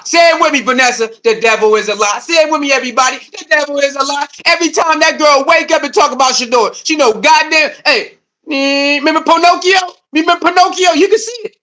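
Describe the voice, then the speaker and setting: A young man hosting a live stream, ranting loudly and excitably, repeating himself and reading and answering chat comments. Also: high-pitched. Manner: loud, excitable, repetitive, swings between shouting and muttering. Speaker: livestream host. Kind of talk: fired-up live stream rant.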